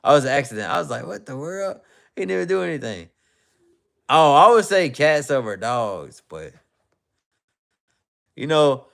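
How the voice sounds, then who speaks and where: A man's voice: medium pitch, creaky, a bit bright. A young man casually chatting on a livestream, reading viewer comments in a loose, rambling way and laughing often. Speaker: livestream host.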